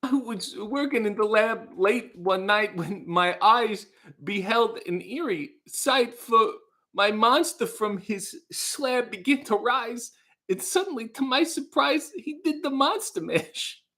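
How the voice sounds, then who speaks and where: A man's voice: high voice, lively intonation, slow, bright, forceful tone, pitched above the performer's own voice, exaggerated voice. A man putting on a spooky, crooning mad scientist voice, half singing novelty horror lyrics.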